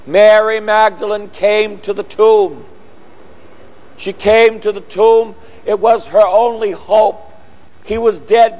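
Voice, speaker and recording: A man preaching a sermon, emphatic and repetitive, building from quiet phrases to shouted lines. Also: high-pitched. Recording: long echoey hall.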